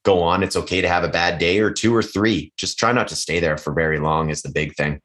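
A man with a notably deep, low-pitched voice, talking openly and casually on a podcast. He swears freely and drops into quoted voices when he tells a story. He sounds middle-aged. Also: a little fast, fairly bright tone. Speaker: podcast guest, real estate agent. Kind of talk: casual conversational interview.

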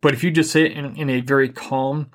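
A middle-aged man co-hosting a podcast, giving relationship advice in a calm, even, deliberately unhurried way. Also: medium pitch. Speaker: podcast co-host. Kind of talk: casual advice chat.

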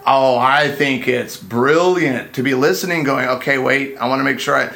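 A man's voice: mid-range voice, normal speed, gravelly, pushed and bright. A man hosting a casual podcast for couples with an easygoing, playful manner. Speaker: podcast host, couples counselor.

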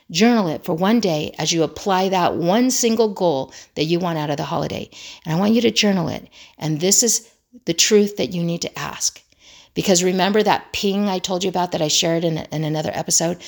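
A woman's voice: fairly low pitch, creaky. A woman in her fifties hosting a self-help talk, telling family stories and acting out the people she quotes. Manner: animated storytelling, acts out quoted voices. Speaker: self-help podcast host. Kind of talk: casual monologue.

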